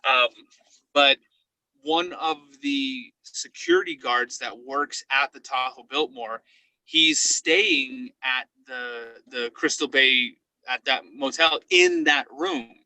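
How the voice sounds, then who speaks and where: Appearing as a podcast guest, a male paranormal investigator tells stories in casual conversation, acting out quotes in an excited high voice. His speech is slow and gravelly. The low-quality recording has no echo.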